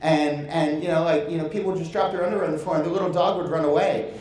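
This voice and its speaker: A man's voice: on the high side, steady tone, fast, darkish tone, far from the mic, voice pushed up, lightly acted. A tearful, pleading brewery co-owner, a middle-aged woman, as a man puts her on in a raised, strained voice. She presses her case insistently. The sound carries in an echoey room.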